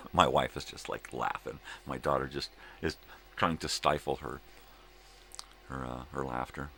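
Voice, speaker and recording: A man's voice: a bass voice, fairly even intonation, unhurried, creaky, pushed and bright, a little hiss or hum. An older man hosting a casual livestream chat, rambling and laid-back, laughing often, hungover. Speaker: livestream host.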